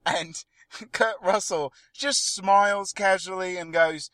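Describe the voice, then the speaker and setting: A man co-hosting a casual movie review podcast, animated and laughing often. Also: high voice, takes it slowly, no room sound. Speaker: podcast co-host.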